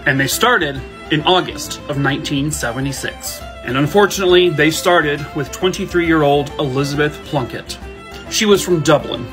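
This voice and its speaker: Blunt, talky true crime host. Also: male voice, on the high side. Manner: blunt, conversational, swears freely. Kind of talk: casual true crime storytelling. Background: background music.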